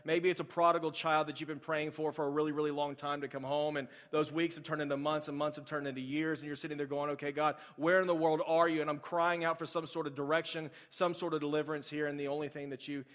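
A young man delivers a sermon at a brisk clip, talking to the room like a friend and filling it with "like"s and asides. His voice sits a little high for a man. The sound carries a long hall reverb. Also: little pitch movement, a bit bright. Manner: conversational, filler-heavy with many "like"s. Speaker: pastor. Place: church auditorium.

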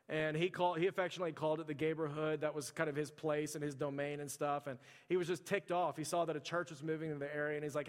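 A man preaching to his congregation with a somewhat high voice. He tells stories casually and fills his sentences with "like." His voice rings out with a long reverb from a big hall. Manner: conversational storytelling, heavy use of "like". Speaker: pastor. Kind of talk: sermon.

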